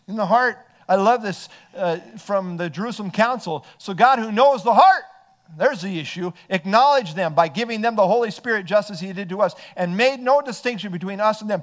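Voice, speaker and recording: A male pastor delivers an earnest expository sermon, reading verses aloud and then unpacking them. His voice sits high for a man. His pitch rises and falls freely as he preaches.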